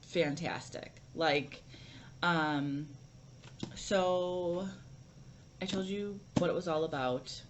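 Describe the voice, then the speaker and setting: A woman's voice: on the low side, extremely slow, pauses often, a little hiss or hum. A young woman vlogging a casual book review, rambling with lots of fillers and restarts.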